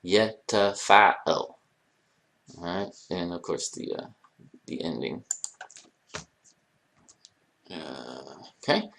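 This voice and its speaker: A man's voice: very deep voice, very slow, creaky, pauses often, slight background noise. A man teaching an Arabic grammar lesson, joking and speaking straight to his students. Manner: jokey, addresses students directly, animated emphasis. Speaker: Arabic language instructor. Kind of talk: classroom lecture.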